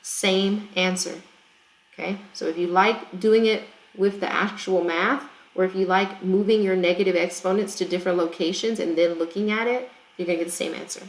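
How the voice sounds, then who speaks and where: A woman's voice: lowish voice, steady tone, moderate pace. Chatty woman math teacher, echoey room. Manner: chatty, explains step by step with "okay?" and "guys". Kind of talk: recorded math lesson, working problems.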